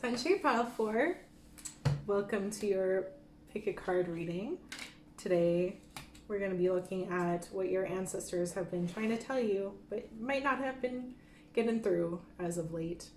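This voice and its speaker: A woman giving a gentle pick-a-card tarot reading who gets openly emotional and laughs softly. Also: medium pitch, measured pace, slight background noise. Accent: Michif-speaking Métis greeting and French sign-off. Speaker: tarot reader. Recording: echoey room with faint ambience.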